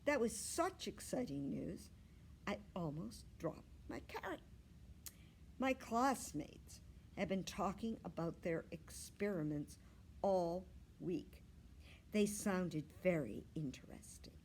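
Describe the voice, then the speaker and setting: A woman librarian reading a children's book aloud in a clear storytelling manner. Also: fairly low pitch, expressive, takes it slowly, a little mellow, a little hiss or hum.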